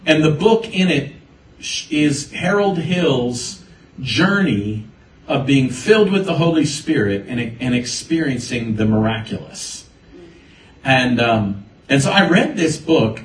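A man's voice: mid-range voice, slow pace, far from the mic. A man preaching a sermon, telling his own story and quoting the people in it. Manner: storytelling, animated quoting of others. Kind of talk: sermon with personal testimony. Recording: roomy echo, voice from afar.

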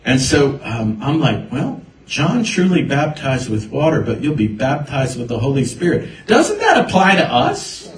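A man's voice: medium pitch, measured pace, hardly any pauses, recorded from a distance. Man preaching in an echoey church. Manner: storytelling, animated quoting of others. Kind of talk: sermon with personal testimony. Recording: roomy echo, voice from afar.

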